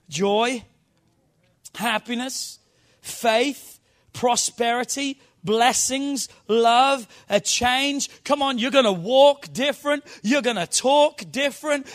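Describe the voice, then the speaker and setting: The preacher's voice is very high and a bit bright as he drives his sermon home, emphatic and prompting his congregation to call back.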